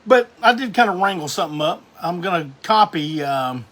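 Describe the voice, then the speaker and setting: A man's voice: sits high, animated, normal speed, fairly bright tone. A middle-aged man hosts a casual live stream, greeting viewers by name and rambling loosely.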